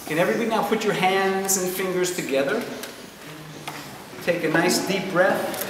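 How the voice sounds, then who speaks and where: A man's voice: high-pitched, normal speed, pauses often. A man telling a story to schoolchildren, teasing and joking with them as he goes. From United States. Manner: teasing, animated, jokes with the kids. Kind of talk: playful storytelling with audience banter. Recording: echoey hall, distant mic, noisy.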